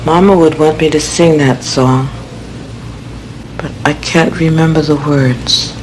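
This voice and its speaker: A middle-aged woman from the United States recounting family memories in a theatrical memoir monologue, slow and heartfelt. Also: sits low, steady tone, a little mellow, slight background noise, low-quality recording.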